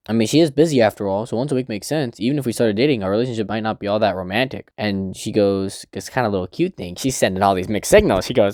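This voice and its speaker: A man's voice: on the low side, fast talker, few pauses, darkish tone, dry recording, studio quality. A man hosting a manga review channel, chatting casually with his viewers, swearing freely and laughing often. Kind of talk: casual commentary to chat.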